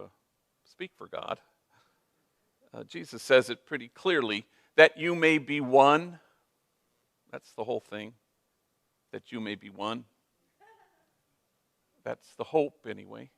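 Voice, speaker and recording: A man's voice: medium pitch, fairly bright tone, no room sound. A man, a priest, giving a storytelling talk, sprinkling in Spanish phrases. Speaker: priest and speaker.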